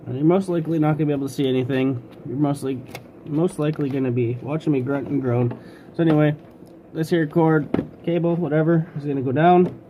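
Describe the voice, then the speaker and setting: Working on a car in a workshop, a man gives a casual how-to, talking fairly quickly in a fairly high, steady voice while rambling and correcting himself. Heavy breathing from the effort comes through. He recorded himself alone on a set-up camera, and the audio is dull with slight background noise.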